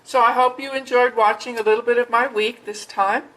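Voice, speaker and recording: A woman's voice: on the high side, a little fast, low-quality recording. A woman chatting casually in her home kitchen as she mixes and tastes her baking for a cooking vlog. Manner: relaxed, chatty, talks while tasting food. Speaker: vlogger.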